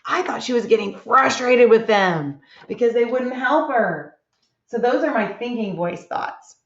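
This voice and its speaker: A woman teacher leading a slow, encouraging reading lesson for young children, asking many tag questions. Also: fairly high pitch, animated. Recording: echoey room, dull lo-fi sound.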